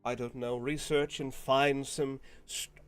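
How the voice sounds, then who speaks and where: A man voicing a flustered, excitable scholarly noble father who stumbles and hesitates eagerly. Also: medium pitch, unhurried, smooth, faint music behind, pitched above the performer's own voice, close to an everyday voice. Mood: excited.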